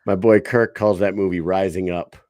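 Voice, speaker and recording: A man's voice: low-pitched, steady tone, moderate pace, a little mellow, no echo, clean studio sound. A man co-hosting a podcast, chatting casually with laughs and swearing. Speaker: podcast co-host. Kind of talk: casual chat.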